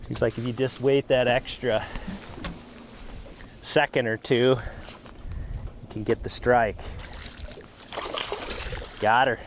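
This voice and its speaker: Fishing vlogger, male, slow easygoing talk from a boat, faint outdoor hiss behind. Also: medium pitch. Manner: relaxed and chatty, bursts of excited whoops on catches. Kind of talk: casual narration while fishing.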